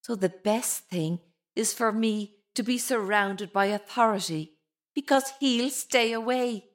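A woman's voice: fairly high pitch, a little slow, dry recording, clean studio sound, natural voice. An actress in her seventies with an Irish accent playing a fierce, defiant grandmother in prison. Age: 70s. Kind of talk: film drama acting.

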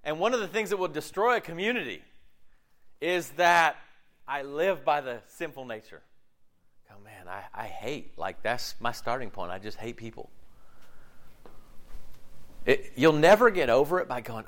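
Man, pastor, sermon, high voice, very lively pitch, acts out quotes. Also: normal speed. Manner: animated, acts out quoted voices, laughs at himself.

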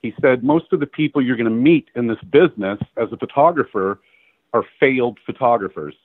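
Animated middle-aged man, tinny phone line. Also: medium pitch, a little fast, no echo. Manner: animated storyteller acting out quoted dialogue, laughing. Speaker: guest photographer. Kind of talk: casual storytelling interview.

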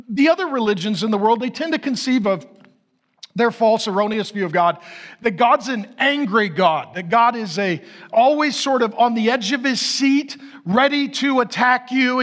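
A man's voice: extremely high pitch, fairly bright tone. A middle-aged man preaching a sermon, emphatic and repetitive, full of rhetorical questions. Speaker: pastor.

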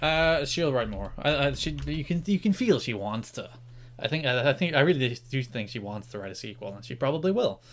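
A man's voice: medium pitch, animated, a little fast. A man with an Irish accent co-hosting a podcast in casual chat, rambling and restarting his sentences often. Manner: rambling, repeats words and restarts often, laughs easily. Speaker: podcast co-host.

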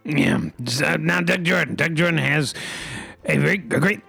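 A man hosting a comedy podcast, reading news in a mock-formal, deadpan way with crude asides. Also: a little high, normal speed, gravelly, slightly rough, faint music behind. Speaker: host reading news items.

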